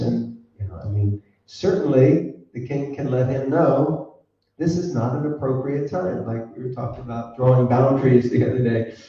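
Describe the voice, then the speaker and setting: A man's voice: mid-range voice, moderate pace, dark tone, lo-fi sound. A man telling a spiritual story to a gathering, playful, laughing often and quizzing the listeners, recorded from a distant mic in an echoey room. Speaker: spiritual teacher.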